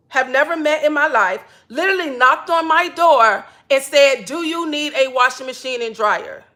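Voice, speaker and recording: A woman's voice: sits high, sharp tone. A woman, telling personal stories to viewers in a chatty way, repeating "literally" and laughing often. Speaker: spiritual wellness creator. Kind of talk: casual storytelling to viewers.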